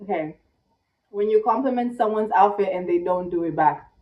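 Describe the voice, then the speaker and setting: A tired young woman vlogging casually in one take, chatty and dramatic, with squeaky rhetorical questions. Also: normal speed. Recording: echoey room, distant, dull mic.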